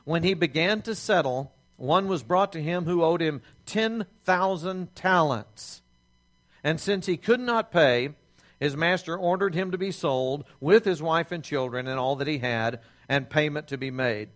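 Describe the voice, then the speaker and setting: A man preaching a sermon as pastor, slowing down to stress key phrases and reading scripture aloud. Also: fairly high pitch, a bit bright. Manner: reads scripture aloud with pleading quoted voices.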